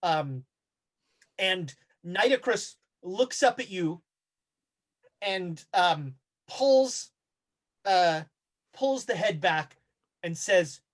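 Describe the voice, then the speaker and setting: A game master narrating a tabletop horror game, halting often with fillers as he describes the scene. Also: sits high, animated.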